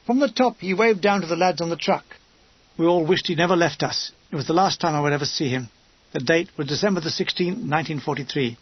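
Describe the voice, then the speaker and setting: A man's voice: on the high side, fast, slightly rough, dry recording. A man narrating a war memoir audiobook in a wry, comic storytelling manner. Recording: dull lo-fi dry recording.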